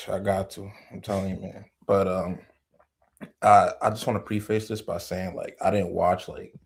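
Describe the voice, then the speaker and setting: A tired man calling in after a long work shift, speaking low and rambling with lots of filler words. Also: flat delivery, normal speed, creaky, slightly rough. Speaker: caller. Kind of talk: casual call-in discussion.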